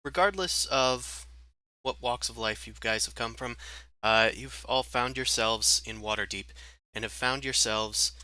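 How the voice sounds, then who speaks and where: A man's voice: medium pitch, a little slow, sharp tone, no echo, studio quality. A man running a tabletop game as dungeon master, chatting casually over a voice call with an easygoing, hesitant manner. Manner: easygoing, hesitant with many fillers.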